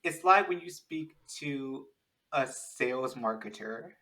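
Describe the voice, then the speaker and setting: Bright-voiced man chatting animatedly. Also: mid-range voice, takes it slowly, poor audio. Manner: animated, rambling with many restarts. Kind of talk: casual chat.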